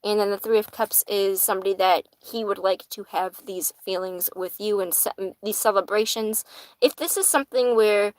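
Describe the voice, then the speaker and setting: A woman's voice: medium pitch, steady tone, normal speed, dry recording, rough recording. A woman giving casual live-stream tarot readings in a chatty manner, swearing casually and laughing easily. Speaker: tarot reader.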